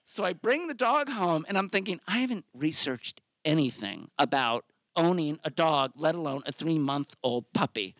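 A middle-aged man tells a story on stage, his voice swinging up and down as he acts out what he was thinking. He sits a little high for a man. The sound is close and dry. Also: normal speed, few pauses, no room sound. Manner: animated, acts out his own quoted thoughts. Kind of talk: live storytelling. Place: theater stage.

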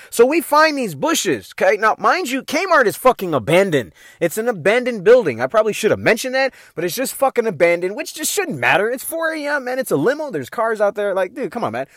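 A man's voice: sits high, very animated, fairly quick, few pauses, a bit bright, no echo, clean studio sound. A young man from the hosting his own show, telling a profane, laughing story in a casual monologue. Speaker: podcast host.

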